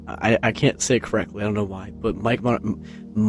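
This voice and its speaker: A man's voice: steady tone, fairly quick, soft background music. A man vlogging at home in a casual, rambling way, full of fillers and restarts, talking close into a tabletop microphone. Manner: rambling, many fillers and restarts, low-key. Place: carpeted room at home. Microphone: tabletop USB microphone, close, with headphones on.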